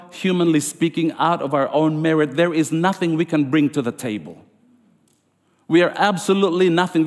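A man preaching a sermon as pastor, emphatic and rising high on key lines. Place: church sanctuary. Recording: long reverb of a church hall.

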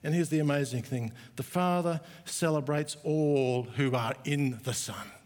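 Brief: middle-aged man, pastor, earnest sermon, fairly high voice, echoing hall. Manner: earnest, slow emphatic stresses with warm asides. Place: church auditorium. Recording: echoey church hall.

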